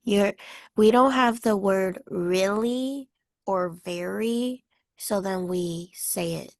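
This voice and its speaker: A woman student speaks up in an online class, slowly and a little tentatively putting the lesson into her own words. Her voice is at an average pitch for a woman. The video call audio sounds dry and close. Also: creaky, darkish tone, no room sound. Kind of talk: casual class participation.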